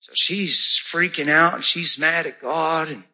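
Husky, bright-voiced male preacher. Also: a little slow. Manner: animated storytelling, acting out voices in a high pitch. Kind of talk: sermon with testimony.

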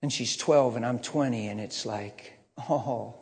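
A middle-aged man preaching a personal testimony, swinging from low muttering to impassioned shouting. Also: unhurried. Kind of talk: sermon testimony storytelling. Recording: echoey hall reverb.

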